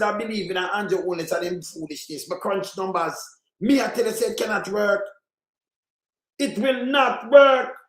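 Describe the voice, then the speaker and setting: A man's voice: high voice, reverberant, poor audio. A man with a Jamaican accent giving heated political commentary, mixing in patois. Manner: heated, ranting, mixes patois.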